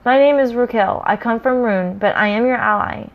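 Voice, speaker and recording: A woman's voice: on the high side, moderate pace, muffled recording, natural voice. A woman reading the lines of a bold, friendly male warrior stranger.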